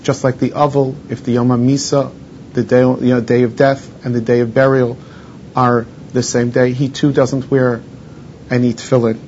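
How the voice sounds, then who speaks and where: A man, a rabbi, teaching a Torah lesson and explaining each Hebrew term in English. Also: darkish tone. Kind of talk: Torah lesson on mourning laws. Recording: dull lo-fi recording with faint rumble.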